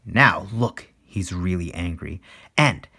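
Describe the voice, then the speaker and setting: A man coaching children through a playful drawing lesson at his art desk, animated, with gasps and little sound effects. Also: low voice, slow, creaky, breathy edge. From Canada.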